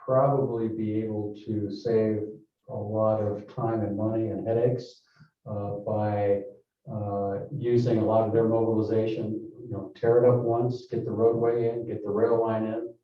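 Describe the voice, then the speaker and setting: Halting man presenting in echoey hall. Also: on the low side, level tone. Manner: halting, many fillers and restarts. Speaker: project developer presenting to a town board. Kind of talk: public meeting presentation. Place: town hall meeting room. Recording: echoey council chamber, distant mic, muffled.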